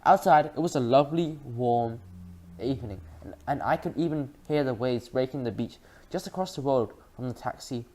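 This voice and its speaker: A reader narrating a children's book aloud in a lively way, with frequent slips and restarts. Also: medium pitch, moderate pace.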